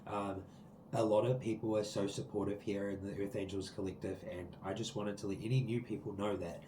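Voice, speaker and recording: Sitting outdoors, a man gives his viewers a spiritual tarot reading in an earnest, rambling style full of likes and ums. His fairly low voice is flat and brisk, with reverberation and background noise in the audio.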